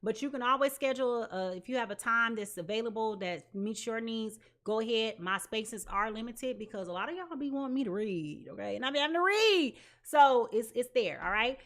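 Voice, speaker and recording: Bright-voiced chatty woman tarot reader. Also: on the high side, moderate pace, hardly any pauses. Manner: chatty and slangy, addresses viewers as y'all and child; animated, swings between loud and soft. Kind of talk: live tarot reading monologue.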